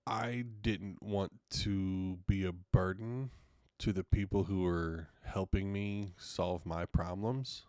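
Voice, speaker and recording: A man's voice: sits low, fairly even intonation, slow pace, darkish tone, no room sound, clean studio sound. A man hosting a podcast, telling stories in casual solo talk, frank and a bit profane. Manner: frank, profane, acts out quotes in retelling. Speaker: podcast host.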